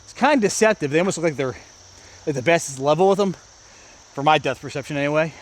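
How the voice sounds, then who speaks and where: Out on a park disc golf course, an American man vlogs his round in a fast, expressive voice on the high side. He chats casually, narrating each play and addressing his viewers.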